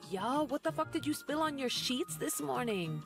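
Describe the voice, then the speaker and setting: A woman voicing a brash young hotel maid in a video game, defensive and quick to swear. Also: high-pitched, animated. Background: game music.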